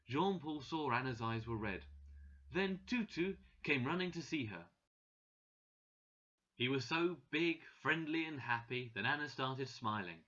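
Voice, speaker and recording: Man reading a story for english learners, bright forceful voice, dull lo-fi audio. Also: mid-range voice. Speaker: narrator.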